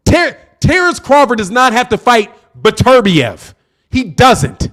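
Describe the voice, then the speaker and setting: A man hosting a boxing livestream in a fairly high voice. He reads viewer comments aloud and answers them bluntly, calling people out and repeating himself for emphasis. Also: very animated, measured pace, fairly bright tone. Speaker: boxing channel host. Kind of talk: livestream commentary reading chat.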